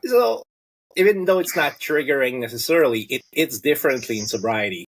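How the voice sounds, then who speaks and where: Husky man, earnest and hesitant. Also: mid-range voice, animated, fairly quick. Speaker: podcast co-host. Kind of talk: casual recovery chat.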